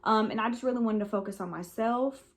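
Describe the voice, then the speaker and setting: A woman's voice: fairly high pitch, fast talker, a little hiss or hum. Frank young woman telling a story. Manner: rambling, frank, lots of "um" and "like". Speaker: vlogger. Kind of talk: casual storytime monologue.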